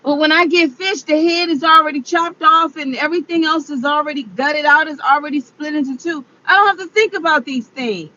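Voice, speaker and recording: A woman's voice: sits high, brisk, hardly any pauses, bright, forceful tone, a little hiss or hum. A tearful woman vlogging to her viewers, rambling and exclamatory, repeating herself as she talks it through. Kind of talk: emotional confessional vlog. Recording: dull lo-fi recording.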